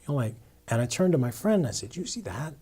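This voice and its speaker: Husky-voiced man telling his story. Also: mid-range voice, animated, fast, dark tone. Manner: earnest, with frequent restarts and "you know". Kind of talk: storytelling testimony interview.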